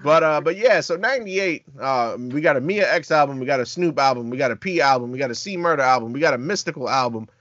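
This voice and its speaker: A man's voice: medium pitch, expressive, quick pace, hardly any pauses, a bit bright, no echo, dull audio. A man co-hosting a casual music podcast, talking at length with enthusiasm. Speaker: podcast co-host. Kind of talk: casual chat.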